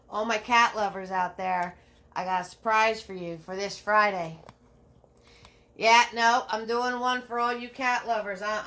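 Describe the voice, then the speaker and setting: A woman leads a live painting lesson in a bright, forward voice. She talks her viewers through every step, repeating herself and checking in with "right?". Her pitch sits at an ordinary middle height. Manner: chatty, greets viewers by name while painting; repeats steps, asks "right?" often. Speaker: painting instructor.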